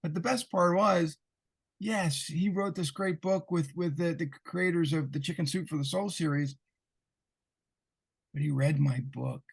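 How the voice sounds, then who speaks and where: A man's voice: fairly high pitch, unhurried, creaky, breathy edge. A man hosting an interview podcast, chatting casually and chuckling mid-sentence. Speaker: podcast host. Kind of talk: conversational interview.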